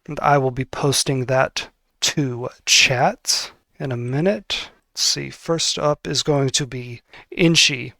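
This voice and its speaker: A man's voice: mid-range voice, takes it slowly, vocal fry, sharp tone, no echo, clean studio sound. A man narrating as game master, easygoing and conversational.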